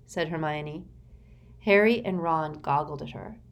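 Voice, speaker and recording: A woman reading an audiobook with expressive storytelling narration. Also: sits low, measured pace.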